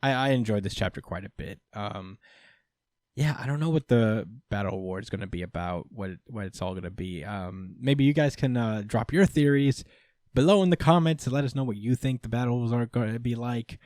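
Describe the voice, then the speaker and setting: A man's voice: medium pitch, brisk, darkish tone, dry recording, clean studio sound. A man hosting a casual podcast, recapping with lots of fillers and acted-out quotes. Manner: rambling recap, many fillers, acts out quotes. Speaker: podcast host.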